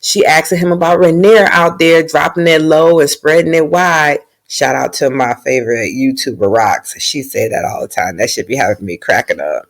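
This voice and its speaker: A woman's voice: deep voice, normal speed, hardly any pauses. A woman casually recapping a TV episode in a slangy, joking way with plenty of swearing. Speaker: TV show recapper.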